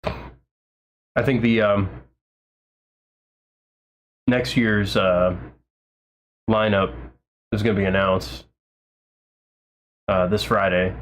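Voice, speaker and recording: A man's voice: on the low side, fairly even intonation, extremely slow, long pauses. Man, livestream host, casual chat, enthusiastic, rambling, lots of ums and likes. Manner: rambling, many fillers and restarts; enthusiastic, gushing.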